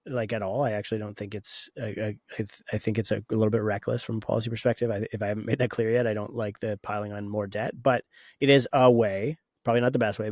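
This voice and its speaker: A man's voice: on the low side, darkish tone, dry recording, studio quality. A man co-hosting a podcast in casual discussion, opinionated and thinking aloud with frequent restarts. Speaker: podcast co-host.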